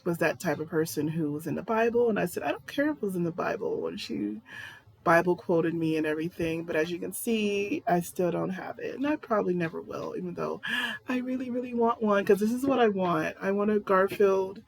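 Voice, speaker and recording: A woman's voice: fairly low pitch, brisk, gravelly. A woman talking casually to camera in a personal vlog, rambling and candid. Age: adult. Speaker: vlogger.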